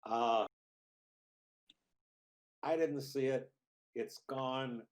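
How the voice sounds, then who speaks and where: A man playing a tabletop game as a player, deadpan and cheeky. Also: medium pitch, extremely slow. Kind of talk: tabletop game role-play.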